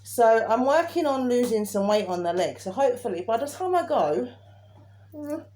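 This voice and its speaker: A woman's voice: a little high, sing-song, moderate pace, mellow. A woman, co-hosting a casual chat and ranting in an exasperated, chatty way. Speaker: podcast co-host. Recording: faint background noise.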